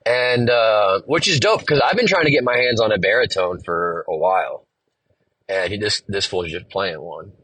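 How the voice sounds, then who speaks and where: Husky guy rambling through a story on his podcast, swears a lot, dry close sound. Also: fairly low pitch, expressive, moderate pace, a bit bright, no echo, poor audio. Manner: rambling, profane, laid-back storyteller. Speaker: podcast host. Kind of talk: casual storytelling monologue.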